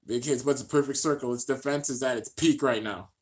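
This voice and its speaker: A man giving excited, slangy play-by-play commentary while reacting to an anime, shouting out at the big moments. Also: medium pitch, fast.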